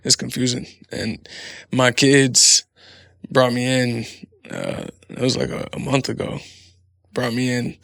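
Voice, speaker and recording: A man's voice: mid-range voice, sing-song, slow, creaky, pauses often, fairly bright tone, no room sound, studio quality. A man in his thirties hosting a casual solo podcast, rambling and swearing freely with frequent laughs. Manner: profane, laughing, rambling storyteller. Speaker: podcast host.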